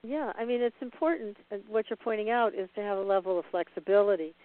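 Measured host, smooth tone, phone sound. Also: mid-range voice, dry recording, phone-quality sound. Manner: measured, affirming. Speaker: interview host. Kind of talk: interview questions.

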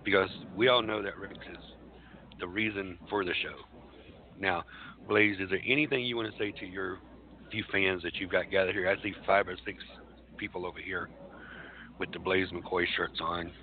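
A man's voice: deep voice, steady tone, moderate pace. A man doing in-character wrestling trash talk, stammering and taunting a rival. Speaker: wrestling show personality. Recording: tinny phone-like line, faint hiss.

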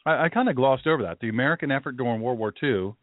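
A man's voice: mid-range voice, animated, fast, no room sound. A male pastor hosts his show in a loose, rambling monologue, drifting into asides and then picking up his point again. The sound is narrow like a phone line and completely dry, with no room in it. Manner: rambling, with conversational asides and restarts. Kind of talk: casual podcast monologue.

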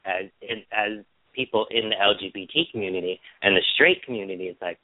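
A man's voice: a little fast, dry recording. Chatty man on a tinny phone line. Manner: chatty storyteller, acts out quotes in a high mocking voice. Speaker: podcast co-host. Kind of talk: casual chat.

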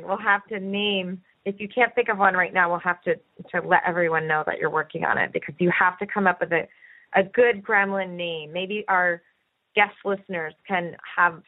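A woman podcast host talking at length in an earnest, encouraging way. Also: on the low side. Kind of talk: conversational podcast discussion. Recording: tinny phone-line audio.

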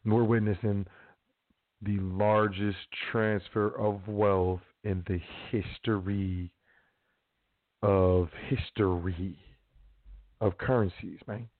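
A man's voice: on the low side, steady tone, slow pace, long pauses. A man hosting a show, talking in a rambling, slangy, casual advice monologue. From South Side of Chicago. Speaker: host. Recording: phone-like narrow sound.

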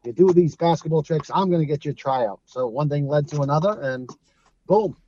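A middle-aged man from Brooklyn, once a streetball player, is an animated storyteller in a casual interview, putting on the voices of people he quotes and laughing often. His New York-accented voice sits on the high side at a normal speed. The highs in the recording are cut off.

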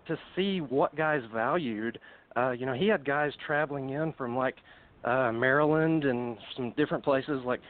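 A man's voice: medium pitch, a little hiss or hum. A man from Middle Tennessee, telling wrestling stories as a podcast guest, slightly out of breath, chatty with many fillers. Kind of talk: casual storytelling on a call. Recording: dry, phone-like call audio.

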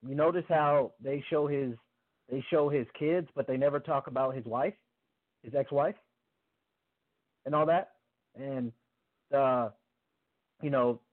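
A man co-hosting a casual sports podcast, rambling with many fillers and getting animated. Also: medium pitch, unhurried, long pauses. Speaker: podcast co-host. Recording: phone-like podcast audio.

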